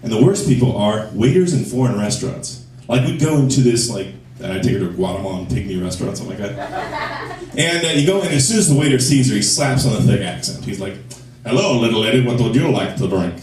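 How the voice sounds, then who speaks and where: Crude stand-up comic in echoey club. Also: male voice, medium pitch, animated, quick pace, a little mellow. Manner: crude, self-mocking punchlines. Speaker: stand-up comedian. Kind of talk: stand-up set at a comedy club. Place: comedy club stage. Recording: echoey club, mic from a distance.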